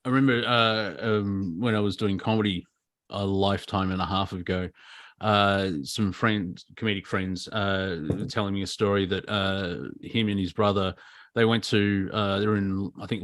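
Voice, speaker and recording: A man's voice: on the low side, steady tone, normal speed, a bit bright, no room sound, studio quality. An Australian man co-hosting a comedy chat, rambling and ranting with many fillers and restarts over a video call. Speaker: comedy show co-host.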